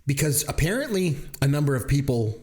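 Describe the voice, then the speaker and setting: A man's voice: mid-range voice, sing-song, fairly quick, darkish tone. A Canadian man with a Canadian accent, co-hosting a podcast in casual chat, joking and laughing often. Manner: jokey, laughs often, tells dad jokes. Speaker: podcast co-host.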